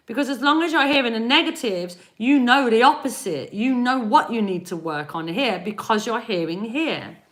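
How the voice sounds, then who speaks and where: A woman energy healer giving a live-stream spiritual reading, animated and encouraging, laughing often as she talks straight to her viewers. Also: fairly high pitch, moderate pace, hardly any pauses. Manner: speaks directly to chat viewers.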